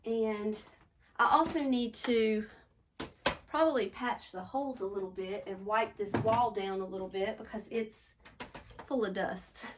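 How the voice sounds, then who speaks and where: A middle-aged woman with a slightly high voice talks through her decorating project at home. She sounds a little out of breath and chats easily to her viewers as she works. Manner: chatty, talking to viewers while working. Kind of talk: casual chat while decorating. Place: home bedroom.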